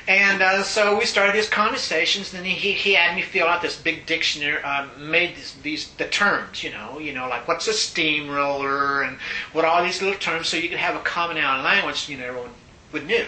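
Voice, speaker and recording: An older man being interviewed, telling stories in a casual, animated way and laughing often. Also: brisk. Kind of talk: casual storytelling. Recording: roomy echo, faint rumble.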